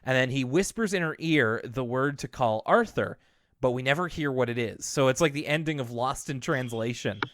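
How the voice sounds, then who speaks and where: A man's voice: medium pitch, expressive, normal speed, a bit bright, dry recording. A young man co-hosting a casual podcast, chattily recapping a cartoon episode and acting out the lines. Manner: chatty, laughs easily, acts out quotes. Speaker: podcast co-host.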